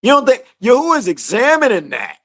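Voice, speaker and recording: A woman leading a casual livestream Bible study, animated and laughing, talking to viewers as y'all. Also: fairly high pitch, a little fast. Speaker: scripture study teacher.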